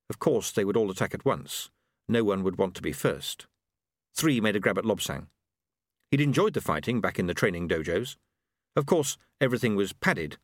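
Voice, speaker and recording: A man narrating an audiobook with lively, expressive storytelling. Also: fairly low pitch, no echo, studio quality. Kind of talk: scripted narration.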